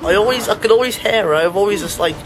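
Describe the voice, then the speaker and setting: Excitable high-voiced male gamer. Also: fast talker, music in the background, rough recording. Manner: excitable, panicky, laughing. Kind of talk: let's play commentary.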